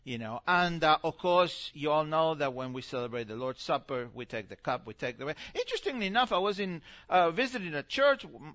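A man's voice: a little high, a bit bright, muffled recording. A man giving a chatty church presentation as a missionary speaker, full of fillers and acted-out quotes.

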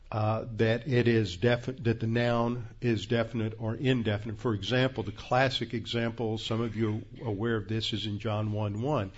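A man giving a methodical, explanatory Bible lesson, often restarting phrases as he works through a point. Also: mid-range voice. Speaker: Bible teacher. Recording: slightly dull, lo-fi recording.

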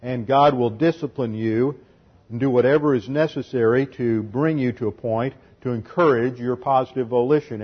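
Husky male pastor teaching methodically. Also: medium pitch, highs cut off. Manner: methodical teaching with numbered points. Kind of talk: expository sermon.

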